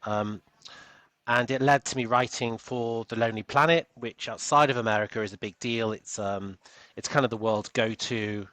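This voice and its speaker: A man's voice: medium pitch, steady tone, normal speed, fairly bright tone, no room sound. A British man, a coach and author, talking earnestly as a podcast guest and often repeating words as he goes. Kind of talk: podcast interview.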